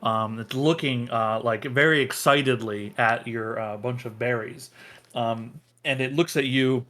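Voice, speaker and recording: A young man runs a tabletop game, describing the scene in an unhurried, halting way. His voice sits at an ordinary pitch, and ums and likes crowd his sentences. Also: fairly even intonation, fairly bright tone. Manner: hesitant, full of ums and likes. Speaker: game master.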